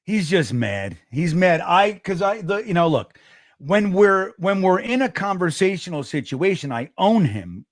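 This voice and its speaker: Animated high-voiced New man. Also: a little slow, no echo. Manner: animated, swearing, acts out quotes in a raised voice. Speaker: co-host. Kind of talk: casual sports podcast chat.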